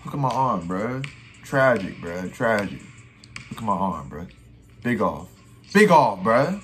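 A young man giving excited reaction commentary on his old basketball footage, trash-talking and repeating his phrases. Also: fairly low pitch, a little slow. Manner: hype trash talk, repeats phrases, keeps saying "bro". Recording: faint music behind.

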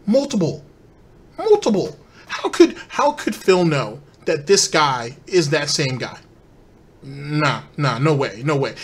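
A man hosting a commentary channel who reacts to clips with sarcastic, mocking remarks aimed at his viewers. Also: fairly high pitch.

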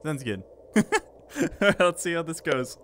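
A man commentates his gameplay casually, laughing often and getting excited. His pitch jumps around a lot. A faint hiss sits beneath. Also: measured pace. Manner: giggly, excitable. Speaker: gameplay video host.

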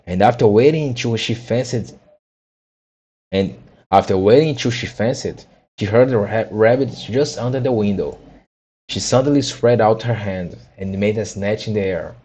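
A man reading a children's book aloud, halting with frequent restarts and repeated words. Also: lowish voice, dark tone, slightly rough. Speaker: audiobook reader.

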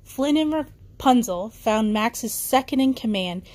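A woman's voice: a little high, animated, measured pace, darkish tone. A woman reading a children's bedtime story aloud, with occasional small slips and restarts.

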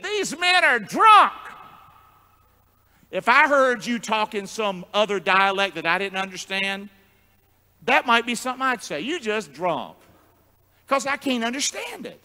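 A man preaching a sermon as pastor, drawing the congregation into call-and-response and swinging from booming shouts to quiet asides. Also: big-room sound. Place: church sanctuary.

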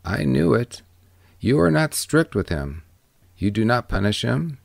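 A man reading a wise old ferryman, gravelly. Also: mid-range voice, big pitch swings, no echo, heavily acted. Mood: gently probing. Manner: measured, gentle questioning. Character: old wise male ferryman, calm and gentle. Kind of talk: audiobook reading.

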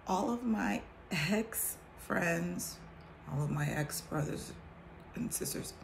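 A woman in her forties giving a casual faith talk, reading a verse slowly and then commenting candidly on it. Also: fairly low pitch, lively intonation, vocal fry, background noise. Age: 40s. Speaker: vlogger sharing testimony.

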